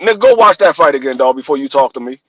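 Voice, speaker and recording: A man co-hosting a podcast, talking boxing in animated, profane casual chat and repeating his punchlines. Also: mid-range voice, quick pace, dry recording, lo-fi sound. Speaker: podcast co-host.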